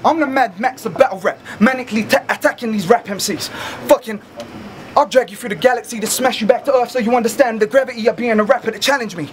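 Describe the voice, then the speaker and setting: A man, rapping an aggressive battle verse with rapid wordplay. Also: very high voice. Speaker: battle rapper. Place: indoor battle rap venue. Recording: rowdy crowd around.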